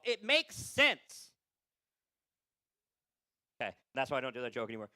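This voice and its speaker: A man's voice: a little high, wildly swooping pitch, normal speed, pushed and bright, dry recording. A man doing a profane, rambling stand-up set at an open mic, tired and laughing at his own jokes.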